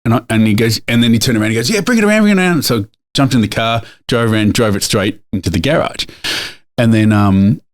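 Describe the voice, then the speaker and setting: Fast-talking and steady in tone, this middle-aged Australian podcast co-host speaks with a fairly low voice. His storytelling wanders, packed with fillers and false starts, in a relaxed chatty way.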